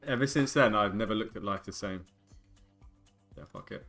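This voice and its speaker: A man in his twenties with a fairly low voice talks casually to his live-stream chat. He rambles and jokes between gameplay remarks, with faint music playing behind him. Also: normal speed, fairly bright tone. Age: 20s. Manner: joking, rambling banter with chat. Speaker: game streamer.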